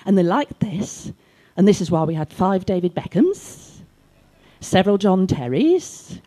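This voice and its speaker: An older woman from Wales, performing a stand-up comedy story with dry delivery and sudden loud acted shouts. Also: mid-range voice, sing-song, unhurried. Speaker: stand-up comic. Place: library comedy gig.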